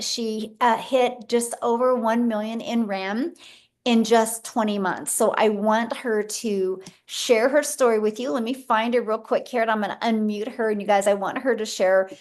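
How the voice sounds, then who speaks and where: A woman's voice: a little high, fairly even intonation, moderate pace. A woman hosts a webinar over a video call. She speaks with cheering, upbeat enthusiasm. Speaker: webinar host.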